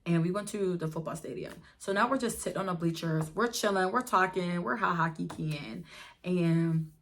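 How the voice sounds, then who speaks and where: A young woman vlogger telling a storytime in a chatty, animated way, talking straight to her viewers. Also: fairly low pitch, normal speed, slight background noise. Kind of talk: casual storytime.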